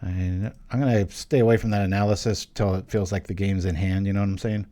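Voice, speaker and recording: A young man hosting his channel, giving casual live commentary on a card game he is playing, thinking aloud with quick jokes and small exclamations. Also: low-pitched, fairly even intonation, dark tone.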